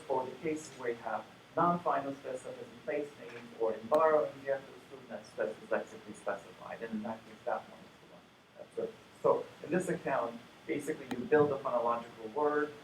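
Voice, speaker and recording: A man giving a conference lecture, talking in a halting way with many fillers and restarts. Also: medium pitch. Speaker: conference plenary speaker. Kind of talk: academic lecture. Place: lecture hall. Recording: echoey hall, distant mic, noisy.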